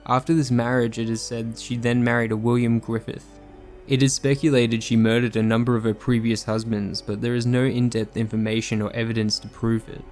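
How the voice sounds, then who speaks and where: A man reading a scripted true crime narration in a measured, sombre manner. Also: mid-range voice, level tone, a little mellow, soft background music.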